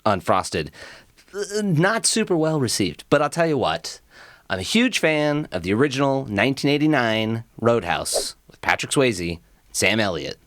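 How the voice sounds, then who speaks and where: A man's voice: medium pitch, sing-song, moderate pace, a bit bright, no room sound, studio quality. A man co-hosting a podcast in casual chat, laid-back and hesitant, with many fillers. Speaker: podcast co-host.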